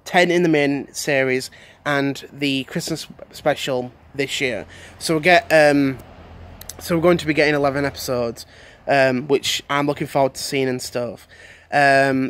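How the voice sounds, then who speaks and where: Young guy vlogging, kinda high voice, lots of ums and repeats. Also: dry recording. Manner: rambling, many fillers and repeated words. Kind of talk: casual video commentary.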